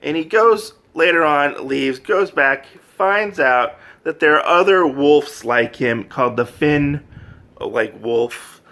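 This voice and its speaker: A man casually recapping a manga, animated and full of fillers, laughing often. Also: on the high side, slow pace. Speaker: manga reviewer. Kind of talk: casual review chat.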